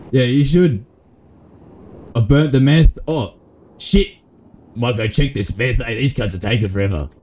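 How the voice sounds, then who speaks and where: A man's voice: mid-range voice, slow, long pauses, darkish tone. A man with an Australian accent, swearing and bantering in a roleplay game stream. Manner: crude, swearing banter in broad slang. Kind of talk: roleplay gaming chat.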